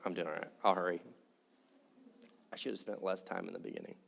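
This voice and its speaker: A man's voice: low voice, steady tone, quick pace, vocal fry, a bit bright. A man preaching in church, conversational and joking, acting out quoted voices. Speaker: pastor. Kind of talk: sermon.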